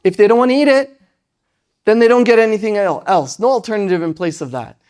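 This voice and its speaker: A lecturer giving an Islamic parenting lesson. They speak in a lively way, often tag lines with "right?", and briefly act out parents and children. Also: medium pitch, fast. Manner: animated, tags lines with "right?"; acts out parents and children in quoted voices.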